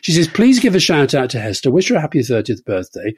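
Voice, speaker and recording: A man's voice: a little high, very animated, quick pace, breathy edge, no echo. A middle-aged man co-hosting a podcast, teasing, dry and blunt as he reads questions. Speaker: podcast co-host. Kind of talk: casual podcast chat.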